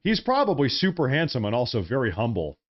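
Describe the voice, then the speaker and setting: A man's voice: medium pitch, huge pitch swings, fast talker, dull audio. An American man hosting a political livestream, ranting in a fiery, emphatic way and often repeating his phrases. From United States. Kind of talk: heated live commentary rant.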